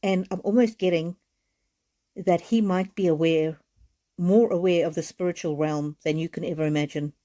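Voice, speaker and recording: A woman giving a live oracle card reading, speaking in a gentle, heartfelt way, repeating her words and sounding tearful. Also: on the low side, fairly even intonation, moderate pace.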